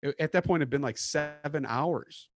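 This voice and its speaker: A man's voice: fairly high pitch, moderate pace. Man host acting out his story. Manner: animated storyteller acting out quotes. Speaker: podcast host. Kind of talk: casual chat, hunting story.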